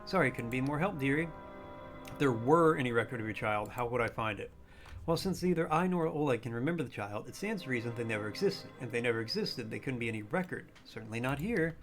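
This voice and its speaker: A man putting on a sugary, prim woman librarian from a video game, speaking softly and guardedly and calling people "dearie". The voice sits at a middling pitch and stays hushed and restrained. A faint bit of music plays in the background. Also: lively intonation, fast talker. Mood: coy.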